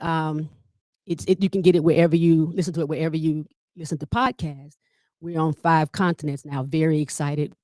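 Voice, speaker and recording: A woman comedian and family caregiver leading a workshop, telling stories with humor and talking straight to her audience, often jumping up in pitch to act out what people said. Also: dry recording, clean studio sound. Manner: lively storyteller who addresses the audience directly; acts out quoted dialogue with big pitch jumps.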